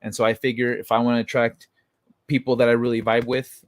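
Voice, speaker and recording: A man's voice: mid-range voice, little pitch movement, quick pace, dry recording. Rambling, profane male livestream host. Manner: rambling and profane, with many restarts. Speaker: livestream host reading chat. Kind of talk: casual late-night livestream chat.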